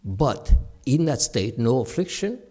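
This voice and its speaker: In a temple hall, a man gives a conversational Buddhist lecture in a mid-range voice with a breathy edge, speaking a little slowly. He's animated and chuckles in asides to his listeners.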